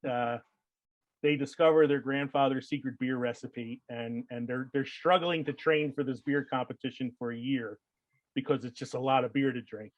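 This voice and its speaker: A man's voice: mid-range voice, fairly even intonation, moderate pace, no room sound, dull audio. A man hosting a casual podcast chat, rambling with lots of fillers and frequent laughs. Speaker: podcast host.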